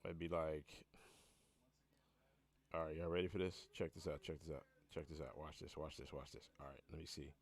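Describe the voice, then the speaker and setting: Deep-voiced Philly man, rambling chat. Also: flat delivery, moderate pace. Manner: rambling, profane, joking. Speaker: band member hosting a live hangout. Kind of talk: casual livestream chat.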